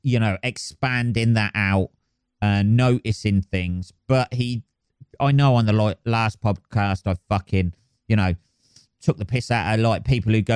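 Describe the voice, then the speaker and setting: Guy rambling on his own podcast, swears a lot, smooth clear voice, dead dry sound. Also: lowish voice, unhurried, no room sound. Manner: rambling, sweary, many ums and restarts. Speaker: podcast host. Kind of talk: solo podcast monologue.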